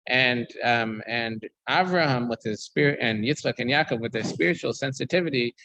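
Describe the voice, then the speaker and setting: A bright, clear-toned man teaches a weekly Torah class as its rabbi. He reads verses aloud and then explains them, thinking aloud with frequent ums and restarts. His voice sits at an average pitch. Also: moderate pace, dry recording, poor audio. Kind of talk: reading and explaining scripture to a class.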